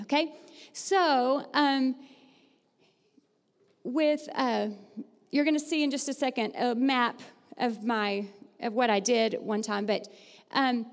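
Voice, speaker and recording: A woman who teaches fourth grade, giving an upbeat, chatty church talk in her teacher voice, laughing easily and leading the crowd. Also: high voice. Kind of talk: lively church devotional with audience participation. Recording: long hall reverb.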